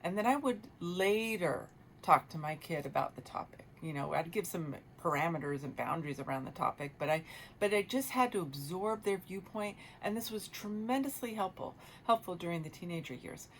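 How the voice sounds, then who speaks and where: A woman hosting a talk radio show, giving earnest, reflective parenting advice with pauses and restarts, in a radio studio. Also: on the low side, expressive, slight background noise.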